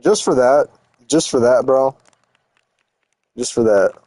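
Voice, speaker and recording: A man's voice: mid-range voice, slow pace, mellow, dry recording. Young man rambling on a live stream. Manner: rambling, slangy, teasing chat with lots of "bro" and "dude". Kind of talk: casual live-stream chat while building in a game.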